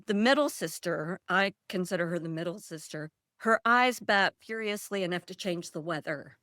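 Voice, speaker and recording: A chatty woman talks about her books in a loose, rambling way, often breaking into laughter. Her voice sits a bit low for a woman. The sound is close and dry, with no room around it. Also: animated, moderate pace, a bit bright, no echo. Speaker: author guest. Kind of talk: casual interview chat.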